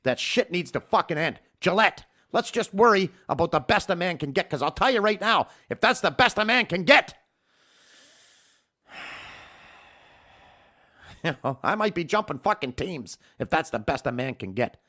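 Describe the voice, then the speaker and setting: Speaking in a high, bright, forceful voice, a very animated man keeps a moderate pace and pauses often. He's a podcast host in his home studio, delivering a profane, heated, emphatic rant.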